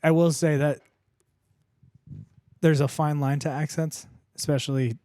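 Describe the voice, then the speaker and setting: A man co-hosting a podcast in a jokey, animated way, laughing often. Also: on the high side, measured pace, dry recording, studio quality. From Mexican heritage. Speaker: podcast co-host. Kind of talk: casual podcast banter.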